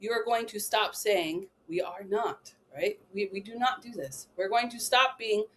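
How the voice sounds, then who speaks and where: A woman's voice: medium pitch, a little slow, fairly bright tone, slight background noise. A young adult woman giving a chatty, emphatic training talk to travel agents, often checking in with "right?" and "okay?".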